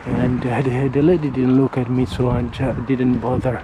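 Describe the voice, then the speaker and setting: A man's voice: mid-range voice, flat delivery, moderate pace. Chatty man vlogging on a street. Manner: rambling, chatty, friendly, often restarts. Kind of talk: casual walking commentary. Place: outdoors on residential streets. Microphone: handheld camera while walking. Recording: street noise with passing traffic.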